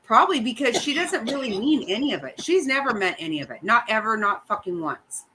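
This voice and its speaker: A woman's voice: fairly high pitch, sing-song, fairly quick, pushed and bright, a little hiss or hum, poor audio. A middle-aged woman hosting a casual chat, ranting bluntly and swearing often. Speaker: host.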